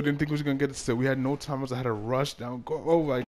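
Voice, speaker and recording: A young man giving casual commentary over a basketball video game, muttering one moment and yelling in frustration the next. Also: mid-range voice, fairly even intonation, fast, hardly any pauses. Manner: swings from mumbled talk to loud frustrated outbursts. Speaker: gaming YouTuber.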